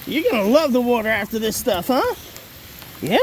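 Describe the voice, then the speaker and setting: A man working as a dog trainer, outdoors in the rain, calling excited commands and praise to his dog. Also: very high-pitched, normal speed, slight background noise. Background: rain falling.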